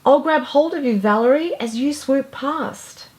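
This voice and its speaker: A sweet little storybook mouse, kind and excitable, with a high, bright voice, as a woman reads her. She speaks slowly and earnestly. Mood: eager.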